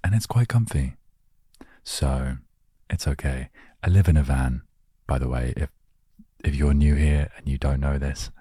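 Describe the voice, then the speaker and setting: Very deep, slow, husky male voice. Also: no echo, studio quality. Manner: gentle, self-deprecating, meandering. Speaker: host of a relaxation word show. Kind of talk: soft, rambling relaxation talk. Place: inside a van. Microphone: studio microphone, close.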